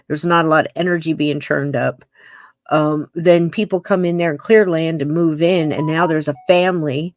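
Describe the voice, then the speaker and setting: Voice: mid-range voice, no echo. Rambling podcast host, dry close mic. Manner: rambling, thinking aloud with many fillers. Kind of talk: casual podcast commentary.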